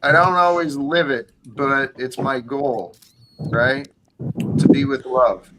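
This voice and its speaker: Slow, earnest preachy man hosting. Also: mid-range voice, heavy background noise. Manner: earnest, preachy spiritual talk. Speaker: stream host. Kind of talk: casual live stream panel chat.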